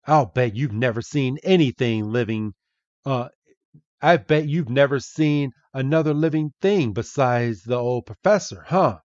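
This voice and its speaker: A man's voice: medium pitch, a little slow, darkish tone, dry recording, natural voice. A man reading aloud as an earnest young male trainer, in a dull, dry recording. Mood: gentle. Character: eager young male trainer, quick thinking.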